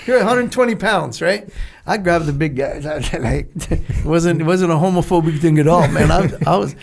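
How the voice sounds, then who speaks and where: A former Navy SEAL, an older man, tells meandering stories as a guest in a casual storytelling interview, speaking at normal speed in a fairly high voice with vocal fry. He laughs a lot and acts out the voices he quotes.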